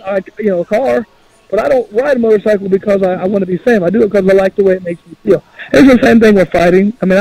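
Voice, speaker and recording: A man's voice: high voice, a little mellow, no echo, rough recording. A man from Indiana who is a retired fighter, answering questions on a radio show in a plain-spoken, rambling way. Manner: plain-spoken, rambling, quotes others in his own voice. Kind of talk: casual radio interview.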